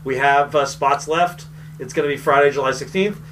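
A man's voice: fairly high pitch, moderate pace, a bit bright, far from the mic, a little hiss or hum. A man co-hosting a podcast, chatting casually and rambling with lots of restarts. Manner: rambling, self-interrupting, enthusiastic. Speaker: podcast co-host, game store staff. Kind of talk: casual chat.

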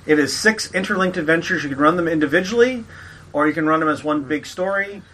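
A man hosting a podcast in casual chat, running through store news in a relaxed way. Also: fairly high pitch, fast talker. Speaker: podcast host.

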